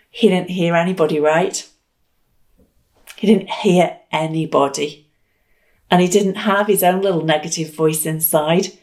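A woman hosting a storytelling podcast, telling an animated tale with dramatic repetition and acted-out quotes. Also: on the low side.

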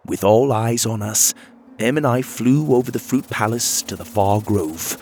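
A man narrating a children's fantasy audio story in an expressive, lively way. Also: lowish voice, measured pace, husky, no echo.

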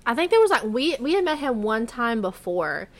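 Higher-voiced young woman chiming in. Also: sing-song, normal speed. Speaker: roommate. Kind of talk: casual chat.

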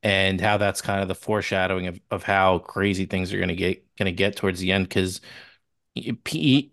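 A man co-hosting a podcast, relaxed, talking about favorite film scenes and acting out the quoted lines. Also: sits low, no echo. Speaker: podcast co-host. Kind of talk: casual movie review chat.

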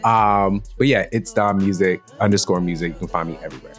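A man's voice: deep voice, fairly quick, faint music behind. A man from the Southern US with a Southern accent, chatting as a guest musician in a casual interview and laughing often. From Southern United States. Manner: giggly, self-deprecating, breaks into laughter often.

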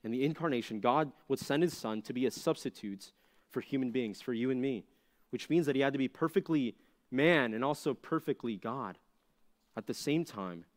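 Young guy youth pastor preaching to middle schoolers, mid pitch, chatty, lots of "like" and "uh". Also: moderate pace. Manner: animated, conversational preaching with rhetorical questions and fillers. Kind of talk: sermon to junior high students.

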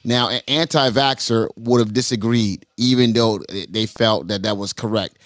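A man co-hosting a live talk show who moderates the debate and slows down to stress his points. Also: mid-range voice, steady tone, no room sound.

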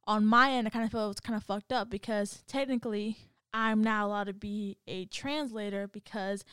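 Smooth-voiced woman telling a work story. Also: mid-range voice, normal speed, dry recording, clean studio sound. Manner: animated storytelling, acts out quoted voices, laughs often. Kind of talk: casual chat.

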